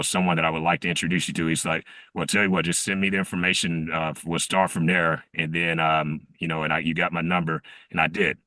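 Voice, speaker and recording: A man's voice: deep voice, pushed and bright, no echo. A man on a group video call, recounting his week in a rambling way, full of fillers and restarts. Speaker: team member sharing a reflection. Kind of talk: casual storytelling on a group call.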